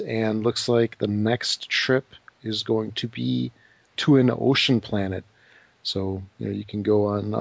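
A man co-hosting a gaming podcast, delivering news quickly and offhandedly with many fillers. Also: lowish voice, vocal fry, no echo. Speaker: podcast co-host. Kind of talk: casual gaming news chat. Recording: dry, slightly muffled home mic.

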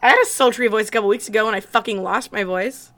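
A woman's voice: mid-range voice, fairly bright tone. A woman co-hosting a podcast in casual chat, joking and laughing often. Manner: giggly, joking, quick to laugh. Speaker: podcast co-host.

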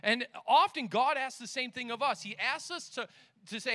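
A middle-aged man delivers an outdoor sermon downtown in a strikingly high, sharp and bright voice. The sound is close and dry with almost no room around it. He tells stories animatedly, acting out the voices of the people in them. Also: normal speed, no echo. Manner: animated storyteller acting out dialogue. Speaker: pastor. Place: outdoors downtown with passing motorcycles.

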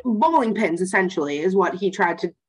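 A young woman in a casual podcast chat, telling a story with a lot of energy. Her pitch jumps around as she acts out the scenes, and she swears and laughs along the way. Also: animated, fairly quick, poor audio. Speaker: podcast co-host.

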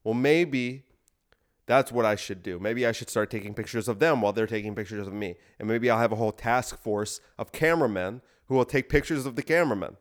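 A man talks in a dry, deadpan way, spinning a comedic monologue further and further into the absurd. His voice sits in an ordinary middle pitch, and he lays out his outrageous scenario like plain fact. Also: fairly quick. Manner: deadpan, absurd escalating bits. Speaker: podcast host.

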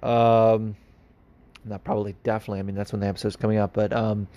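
A man's voice: lowish voice, little pitch movement, fast talker, mellow. A man hosting a podcast, answering listener questions in casual, rambling chat with lots of fillers and restarts. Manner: rambling, many fillers and restarts, laughs often. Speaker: podcast host.

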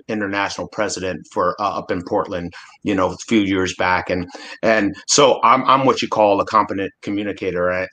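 A man in his forties from Alaska with a lowish voice, speaking as a guest in a relaxed discussion. He talks earnestly and with emphasis, often starting a sentence over before pushing on. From Alaska, USA. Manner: earnest, emphatic, with many restarts. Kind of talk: casual panel discussion.

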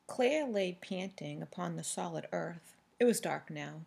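A woman reading a novel aloud in a steady, measured storytelling manner. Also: on the low side, creaky, slightly rough. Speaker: audiobook reader.

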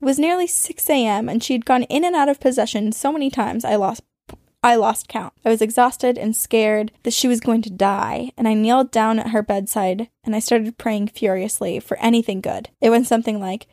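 A woman podcast host reading a listener's ghost story aloud, with dramatic storytelling that speeds up and slows down for suspense. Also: a little high, a little mellow, no room sound, clean studio sound.

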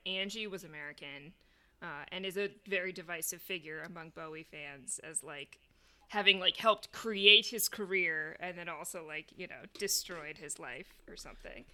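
A young woman on a podcast, telling a personal anecdote in relaxed casual chat. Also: fairly low pitch, moderate pace.

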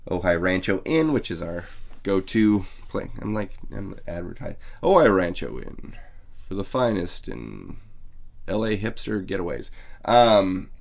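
A man's voice: low-pitched, creaky. A man telling a rambling, profane, self-mocking story as a podcast host. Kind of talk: casual storytelling monologue.

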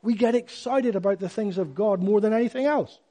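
A middle-aged man preaching a sermon in an emphatic, animated way, with sudden loud bursts. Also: high-pitched, brisk.

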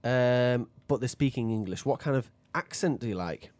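A playful man hosting a casual chat, teasing his guests and laughing often. His voice sits at a middle pitch. The recording is dry and close. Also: normal speed, darkish tone, no room sound.

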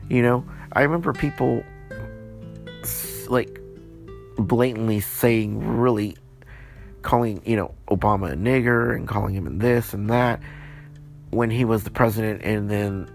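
A man's voice: fairly low pitch, a little slow, vocal fry, long pauses, soft background music. Frustrated, rambling man, cursing freely. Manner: rambling, frustrated, profane, many restarts. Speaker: podcast host. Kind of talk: late-night solo monologue.

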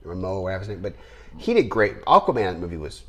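A man co-hosting a podcast, chatting casually and rambling with animated bursts of laughter. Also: low-pitched, fast talker. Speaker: podcast co-host. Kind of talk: casual chat.

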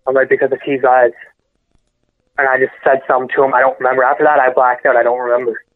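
A man guest on a podcast telling a painful personal story in a halting, earnest way, often correcting himself. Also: mid-range voice, flat delivery. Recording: phone-line audio.

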